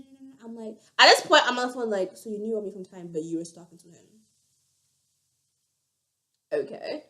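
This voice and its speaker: A young woman telling a storytime vlog, animated and acting out the other voices. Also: fairly high pitch, moderate pace. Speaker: vlogger.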